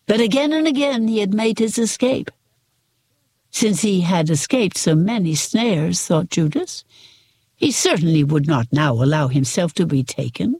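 A reader giving a measured, expressive scripted narration of a religious book. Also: medium pitch, husky. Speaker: audiobook reader.

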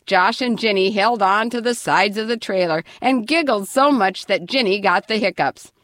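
A woman narrating a children's storybook in an expressive, lively reading voice. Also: medium pitch, moderate pace, no echo.

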